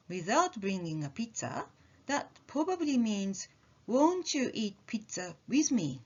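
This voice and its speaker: A woman teaching a lesson, her voice rising and falling a lot as she acts out example phrases. Her tone is soft and breathy, and she explains things patiently. The audio sounds a little muffled and dull. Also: on the high side. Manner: slow, careful explanation with animated demonstrations of intonation. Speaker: language teacher.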